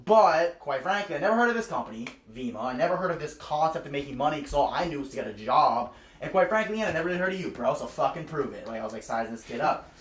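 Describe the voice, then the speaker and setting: A man's voice: a little high, lively intonation, fast, hardly any pauses, fairly bright tone. A young man, telling a slangy, profane recruiting story to a small crowd at a house party. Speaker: recruiting speaker. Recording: echoey room.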